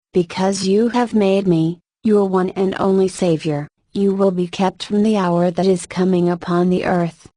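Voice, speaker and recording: A woman reading prophetic religious messages aloud in a slow, measured, even devotional manner. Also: mid-range voice, no echo.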